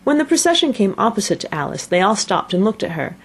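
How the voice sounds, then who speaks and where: A woman narrating a classic children's story aloud in an expressive, measured reading. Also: mid-range voice, gravelly, a little hiss or hum. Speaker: audiobook narrator.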